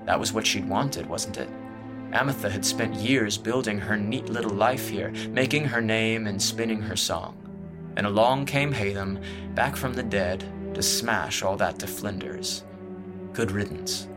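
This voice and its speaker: A man narrating a fantasy novel in a measured, expressive storytelling voice. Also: lowish voice. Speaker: audiobook narrator. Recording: music playing underneath.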